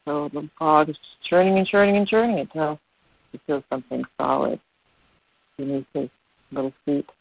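Woman, yoga teacher, earnest, meandering, gravelly, dry tinny call audio. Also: low voice, steady tone, normal speed, pauses often, dry recording. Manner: earnest and meandering, with many fillers. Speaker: yoga and storytelling teacher giving a talk. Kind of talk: earnest talk on a video call. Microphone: phone on a video call.

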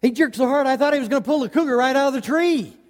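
A man tells a folksy tale to a live audience, lively and animated, chuckling through the funny parts. His voice is fairly high for a man. It rings out with a long reverb, as in a large hall. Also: fast. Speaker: storyteller.

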